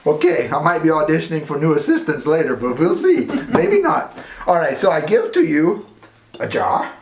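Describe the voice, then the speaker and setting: A man hosting a playful children's science demonstration, teasing his assistant with big swings of pitch. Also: big pitch swings, a little fast, slight background noise. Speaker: children's science show host. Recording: echoey room.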